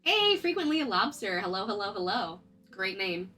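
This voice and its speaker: A woman's voice: medium pitch, sing-song, moderate pace, sharp tone, low-quality recording. A woman live-streaming as an artist, chatting casually and greeting viewers over and over, her nose stuffy from a cold. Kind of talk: casual livestream chat. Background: faint background music.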